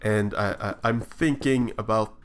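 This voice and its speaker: A man's voice: fairly low pitch, measured pace, clean tone. A man streaming a building game, talking over his play in a hesitant, reflective way with many restarts. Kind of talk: casual live-stream chat while building.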